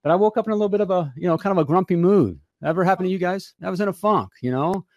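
An American man hosts a live podcast in an upbeat, folksy way and repeats his phrases as he goes. His voice sits a little high for a man. The sound is dry and close, with little room behind it. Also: rapid-fire, no room sound. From United States. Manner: energetic, folksy, repeats himself a lot. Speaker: podcast host. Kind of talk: upbeat live show chat.

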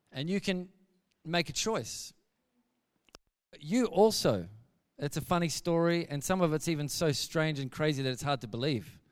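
Smooth high-voiced preacher. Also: male voice, no echo, clean studio sound, long reverb tail. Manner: animated storyteller, casual and direct. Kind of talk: sermon storytelling.

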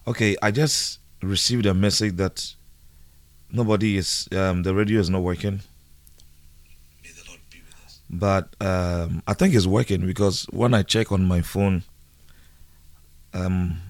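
A man preaching a live radio sermon, slow and earnest, repeating key phrases. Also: low voice, fairly even intonation, no room sound.

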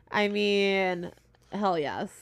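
This is a woman co-hosting a casual podcast, answering her partner with short reactive comments. Her speech is extremely slow and stretched out, at an ordinary pitch for a woman. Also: creaky. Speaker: podcast co-host. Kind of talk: casual chat.

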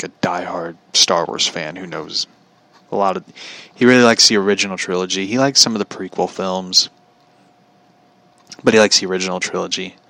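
Opinionated man with a forceful voice. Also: sits low, vocal fry, no echo. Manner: opinionated, swears freely, laughs at own story. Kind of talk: casual storytelling rant.

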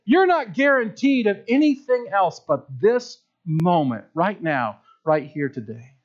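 Male pastor, sermon, high voice, emphatic, dull lo-fi recording. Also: big pitch swings, measured pace. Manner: emphatic preaching, swells and drops. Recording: dull lo-fi sound.

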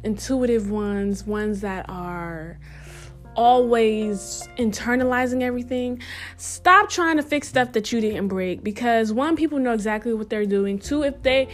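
Chatty young woman hosting a podcast. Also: medium pitch. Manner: chatty, self-interrupting, playful asides; emphatic, repeats advice for stress. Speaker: podcast host. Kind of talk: casual reflective monologue.

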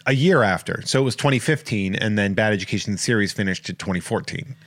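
A man hosting a podcast in casual chat, joking and rambling through listener shout-outs. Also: fairly low pitch, fast talker, no echo, studio quality. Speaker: podcast host.

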